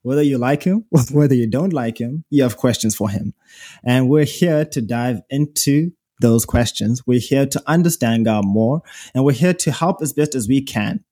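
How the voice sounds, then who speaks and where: A man's voice: medium pitch, normal speed, dark tone, no room sound, studio quality. A young man with a Zimbabwean accent, co-hosting a faith podcast in an earnest, casual way with many fillers and restarts. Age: young adult. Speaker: podcast co-host.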